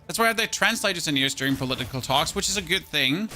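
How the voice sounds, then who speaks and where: A German game streamer with a German accent chats casually with his live-stream audience while playing, mocking himself and exclaiming quickly. His voice is on the high side, animated and sharp-toned, with a little hiss or hum.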